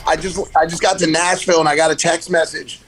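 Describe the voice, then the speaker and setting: High-pitched guy rambling and cussing on a podcast call. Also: level tone, quick pace, a bit bright, soft background music, rough recording. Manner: loose, rambling, swears a lot. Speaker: podcast guest. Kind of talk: casual chat.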